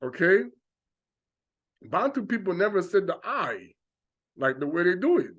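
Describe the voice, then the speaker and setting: A man's voice: high-pitched, very animated, measured pace, lo-fi sound. A man giving an informal sermon as a religious teacher, acting out mocking voices of doubters.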